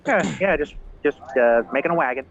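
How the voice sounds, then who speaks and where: A man's voice: a little high, expressive, brisk, vocal fry, a crowd in the background. Hesitant man on muffled call audio. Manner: hesitant, lots of uh and okay. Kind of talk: casual banter at the game table. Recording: dull lo-fi online call audio.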